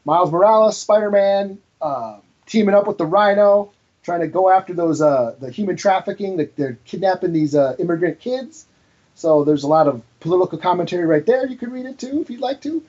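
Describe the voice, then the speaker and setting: A man co-hosting a podcast, talking casually and hesitantly about a comic book with many pauses and fillers. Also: high voice, lively intonation, darkish tone, lo-fi sound. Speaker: podcast co-host.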